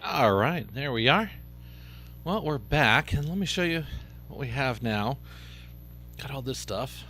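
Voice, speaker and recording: A man's voice: mid-range voice, very animated, a little slow, pauses often, bright, forceful tone, slight background noise. A man chatting casually to himself and his viewers while playing a game. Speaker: game streamer. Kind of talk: casual gameplay commentary.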